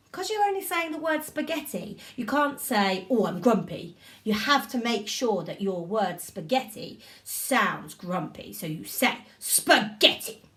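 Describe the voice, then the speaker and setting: A woman teaching a drama session to young children, giving animated, coaxing instructions and encouragement. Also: mid-range voice, recorded from a distance. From United Kingdom.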